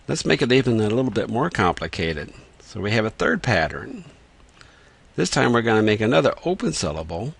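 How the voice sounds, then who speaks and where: A man teaching reading rules in a patient, methodical lesson, slowly sounding out words as he writes. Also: fairly low pitch, vocal fry, a bit bright, husky. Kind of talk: explanatory lesson with whiteboard.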